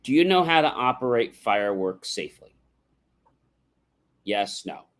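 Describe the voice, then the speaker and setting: This is a man speaking at an ordinary mid-range pitch, delivering a motivational talk on a livestream. His manner is instructive, built on contrasts and examples. He checks in with the audience through rhetorical questions. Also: sing-song, unhurried, fairly bright tone. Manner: instructive, contrasts yes-no questions with open ones; rhetorical, often adds "right?". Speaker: livestream host. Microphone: livestream microphone.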